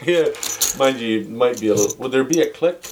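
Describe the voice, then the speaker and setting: A man chatting casually over a board game, telling animated, profane stories and swearing freely. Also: mid-range voice, fairly quick. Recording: distant mic with faint noise.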